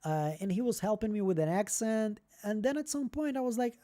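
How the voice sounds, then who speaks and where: Man with a non-native English accent, mellow. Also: high voice, animated, a little fast. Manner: candid, talkative, rambling. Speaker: live-stream host. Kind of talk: casual live-stream chat.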